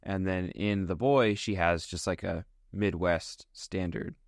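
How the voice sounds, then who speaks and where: Relaxed low-voiced man telling a story. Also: unhurried, creaky, dry recording, studio quality. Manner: relaxed, chatty storytelling with many fillers. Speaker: podcast co-host. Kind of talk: casual chat.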